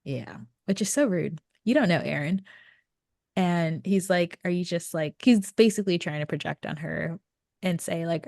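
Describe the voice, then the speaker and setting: A woman co-hosting a book podcast in a casual, conversational way. Her low voice has a gravelly fry, and the sound is dry and close with no room echo. She fills her summaries with easy fillers. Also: a little mellow. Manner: conversational, frequent fillers and quick agreement. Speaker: podcast co-host. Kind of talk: casual book recap chat.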